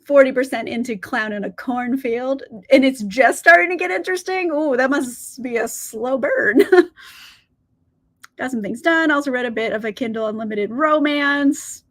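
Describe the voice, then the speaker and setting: A woman's voice: high voice, a little slow, a bit bright. A woman hosting a reading live stream, chatting casually with viewers. She laughs often and swears now and then.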